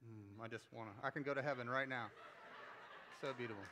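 A man's voice: medium pitch, brisk, pauses often, bright, forceful tone. A man who is a pastor, giving a casual, playful sermon to his congregation and leading them in call-and-response. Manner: conversational, playful, leads crowd call-and-response. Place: church auditorium with congregation.

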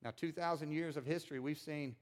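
A man preaching a sermon as pastor in a conversational, animated way. He repeats words when making a point and acts out quotes with big swings in pitch and loudness. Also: brisk.

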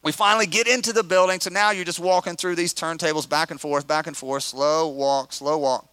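In a storytelling sermon, a middle-aged pastor tells his listeners a story in a brisk, animated, conversational way, acting out the quotes. His voice is bright and crisp and fairly high for a man. The recording is dry and close, with no room sound.

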